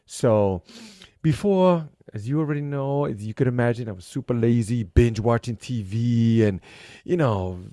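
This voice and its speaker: A middle-aged man telling his story as a podcast guest, animated and acting out the voices in his head. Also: mid-range voice, normal speed, no room sound, clean studio sound. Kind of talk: casual conversation.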